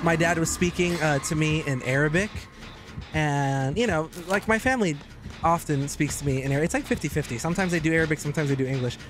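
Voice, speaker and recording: Guy streaming a game, joking around and yelling, kinda high voice, music going behind. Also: fast. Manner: excitable, joking, bursts into high shouts. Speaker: gaming streamer. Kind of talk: live gameplay commentary.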